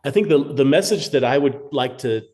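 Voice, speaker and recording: A man from New Mexico, a guest in a casual interview, soft-spoken and reflective. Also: mid-range voice, lively intonation, brisk. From New Mexico, USA.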